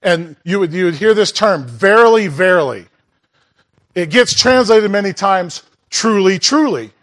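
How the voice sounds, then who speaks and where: A man's voice: high voice, lively intonation, a little slow, a bit bright. A man preaching a sermon in a church in a conversational way, asking the congregation questions and making asides. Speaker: pastor.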